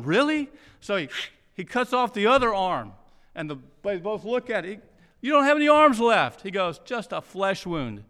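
A male pastor delivering a sermon in a church, telling stories in an animated way with frequent restarts. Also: a little high. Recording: reverberant church hall.

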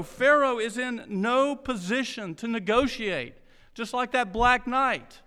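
A male pastor preaches a sermon, retelling stories with animated energy and frequent restarts. His voice is high and bright. The sound carries the long reverb of a church hall. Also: measured pace, smooth.

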